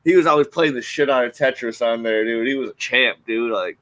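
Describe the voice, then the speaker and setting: A man with a bright, forceful voice talks casually about old games, swearing freely. His delivery is animated and loose, like friends hanging out. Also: mid-range voice, fairly quick. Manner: profane, animated gamer banter. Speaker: podcast host. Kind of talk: casual chat.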